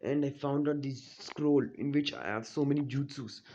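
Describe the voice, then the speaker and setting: A man's voice: medium pitch, fairly even intonation, normal speed, warm tone, lo-fi sound, slight background noise, close to an everyday voice. A man speaking the lines of an earnest teenage boy hero in a casual retelling, barely acted. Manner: plainly told, barely acted.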